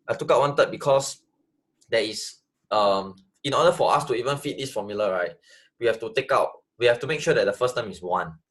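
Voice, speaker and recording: A man's voice: mid-range voice, brisk, fairly bright tone. A man tutoring math, explaining step by step, repeating phrases and checking that his student follows. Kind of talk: online tutoring lesson.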